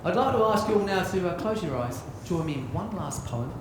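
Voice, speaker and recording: Brisk and expressive, a high-pitched male voice belongs to a solo stage performer cast as a boisterous old-time pirate captain. He sings and recites rhyming verse earnestly to a live audience, with background noise in an echoey theatre with music.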